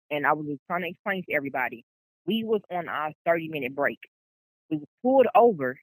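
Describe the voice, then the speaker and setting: A woman's voice: sits low, no room sound, poor audio. A woman truck driver, a guest on a casual interview, telling her story in a rambling way with many "like"s and restarts. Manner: rambling, quotes people, frequent "like"s and restarts.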